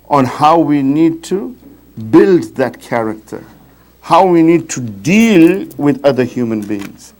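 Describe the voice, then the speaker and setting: A man giving a religious talk at a mourning gathering, telling a story with lively pacing and frequent tag questions like "right?". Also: a little high, slow pace. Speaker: majlis speaker. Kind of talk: storytelling sermon.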